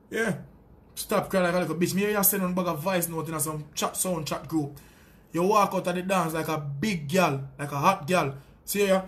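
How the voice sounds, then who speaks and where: A Jamaican man with a high-pitched voice delivers a heated callout rant. He speaks as a sound system selector, taunting and boastful, with plenty of profanity. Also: fairly even intonation, brisk, a bit bright.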